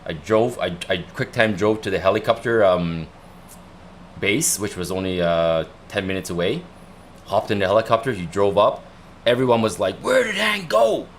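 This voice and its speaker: A man hosting a casual livestream, talking in an excited, rambling way and often repeating himself. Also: deep voice, moderate pace, a little hiss or hum. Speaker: livestream host. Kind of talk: casual chat.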